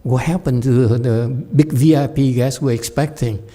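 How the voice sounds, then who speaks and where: A man's voice: medium pitch, fairly even intonation, moderate pace, mellow, lightly acted. A man voicing a young monk disciple who questions his master in disbelief. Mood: puzzled. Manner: incredulous questioning. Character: young male monk disciple, puzzled and doubting.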